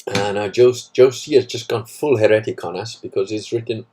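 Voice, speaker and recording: Husky man rambling. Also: fairly low pitch, normal speed, few pauses, darkish tone. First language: Italian. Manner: rambling, profane, wry. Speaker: livestream host. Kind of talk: casual livestream chat reading comments.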